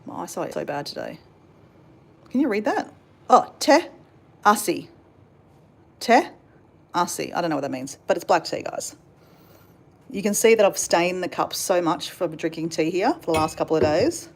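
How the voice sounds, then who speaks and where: A woman's voice: fairly low pitch, animated, moderate pace, vocal fry, long pauses. A woman chatting casually to camera in a hotel room, rambling and calling her viewers guys. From Australia. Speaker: travel vlogger. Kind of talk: casual vlog chat to camera.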